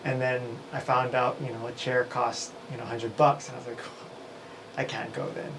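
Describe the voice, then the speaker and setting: A man's voice: mid-range voice, flat delivery, brisk, background noise. Rambling livestream host, a man. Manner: rambling, many restarts, chuckles often. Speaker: live show host. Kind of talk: casual livestream chat.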